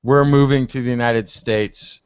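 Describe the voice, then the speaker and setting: A man's voice: medium pitch, fairly even intonation, a little slow, clear, resonant tone, no echo, dull audio. A man telling a story in a casual group video chat and acting out the exchanges he quotes. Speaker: hangout panelist. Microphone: computer mic on a video call.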